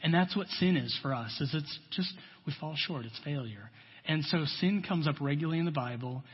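Guy preaching, chatty and folksy, kinda husky voice, boomy church reverb. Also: brisk. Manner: conversational, folksy, many asides. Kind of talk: sermon. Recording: dull long-reverb church hall.

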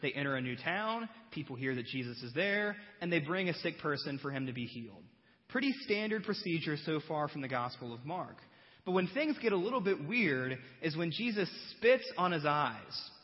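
Male preacher, sermon, high lively voice, rhetorical questions, joking asides, long hall reverb, dull sound. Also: moderate pace. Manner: animated, conversational, rhetorical questions and humor. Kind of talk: sermon, Bible teaching.

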